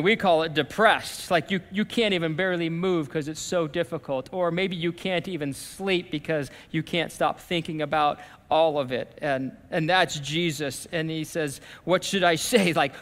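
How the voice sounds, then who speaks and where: A man preaching a sermon as pastor, talking in a conversational way that swings from lively to hushed. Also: sits high. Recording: long reverb of a church hall.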